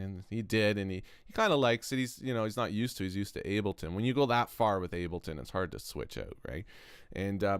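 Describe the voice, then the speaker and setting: A man's voice: on the low side, clean tone, no room sound, studio quality. A man from Canada hosting a music production channel, rambling and joking between stories in a casual vlog. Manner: rambling, self-interrupting, joking. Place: home studio.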